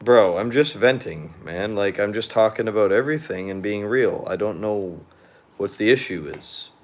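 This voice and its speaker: A man's voice: lowish voice, moderate pace. A young man venting in a casual vlog monologue over a beer, blunt, rambling and full of swearing. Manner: drinking beer while chatting. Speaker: vlogger.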